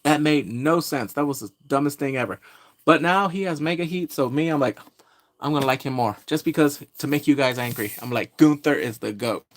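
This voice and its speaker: A man's voice: fairly high pitch, fairly quick. A man hosting a pop culture vlog, ranting casually and trash-talking in a brash, jokey way. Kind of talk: casual rant to camera.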